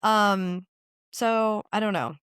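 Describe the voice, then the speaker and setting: A woman's voice: mid-range voice, slow, a bit bright, clean tone, no room sound, clean studio sound. A woman from the United States co-hosting a motorsport podcast, chatting casually and frankly with frequent laughs. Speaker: podcast co-host. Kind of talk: casual chat.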